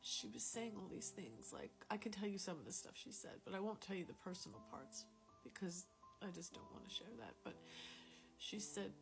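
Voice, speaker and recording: A woman telling a personal faith story in a casual, rambling, self-deprecating way, dropping into quiet whispers at times, recorded on a phone. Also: mid-range voice, sing-song, moderate pace. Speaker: Christian storyteller sharing a testimony. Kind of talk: casual spoken testimony. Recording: music playing clearly behind the voice.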